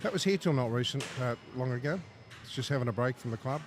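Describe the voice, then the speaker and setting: Hoarse man commentating amid noise. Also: medium pitch, lively intonation, quick pace. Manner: conversational, asks tag questions. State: losing his voice. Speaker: pinball commentator. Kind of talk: casual live commentary. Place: pinball club. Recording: clear background noise.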